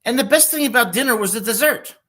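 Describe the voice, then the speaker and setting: Young male sports talk host from New Jersey, bright tense voice, boisterous joker. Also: extremely high pitch, fast talker. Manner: boisterous, jokey, animated storytelling. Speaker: podcast host.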